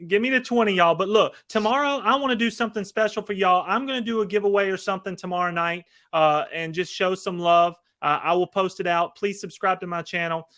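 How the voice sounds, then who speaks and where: A man's voice: sits high, a little fast, few pauses, a bit bright. A man, a guest on a live stream, talking in an upbeat, folksy, hyped-up way. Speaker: guest YouTuber. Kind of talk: casual live-stream chat.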